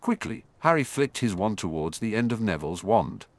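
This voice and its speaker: Man narrating a fantasy audiobook, lively. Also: lowish voice, normal speed, no room sound.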